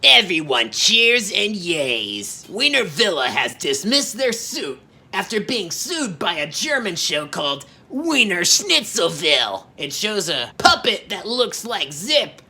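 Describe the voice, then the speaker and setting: Someone doing Boney, a cheerful host reading little stories from a storybook. The voice is bright and a little husky, with lively ups and downs. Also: medium pitch, slow, exaggerated voice.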